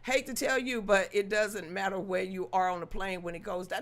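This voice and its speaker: A woman's voice: mid-range voice, fairly even intonation, normal speed. A woman hosting a livestream, chatting casually and joking with her viewers, with laughing asides. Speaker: livestream host.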